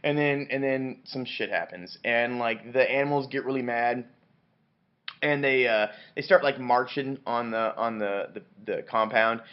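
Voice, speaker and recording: A man who has had a good deal of wine retells a novel in a loose, rambling way, swearing freely and tripping over his own restarts. His voice sits at an ordinary middle pitch. The recording sounds dull and lo-fi. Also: unhurried, clear, resonant tone. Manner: rambling, profane, many restarts and fillers. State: drunk on wine. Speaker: book reviewer. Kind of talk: rambling comic book review.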